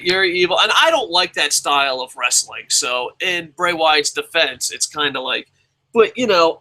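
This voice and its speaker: A man's voice: fairly high pitch, pushed and bright, poor audio. A man hosting a live-streamed show, chatting casually in a rambling, profane, self-mocking way. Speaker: show host.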